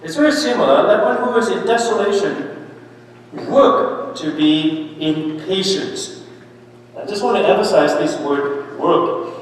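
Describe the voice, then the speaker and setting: A priest giving a parish mission in church preaches conversationally in a high-pitched, slightly slow voice, often checking in with "right?" and "okay?". He is lively and emphatic, rising sharply on key points, captured by a distant mic in an echoey church hall with slight background noise.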